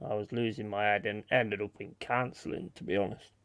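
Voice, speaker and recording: A man with a lowish, steady voice talks a little fast and sounds a bit bright in a dry recording. Chatting casually on a live stream, he swears freely, tells blunt stories and reads viewers' comments aloud.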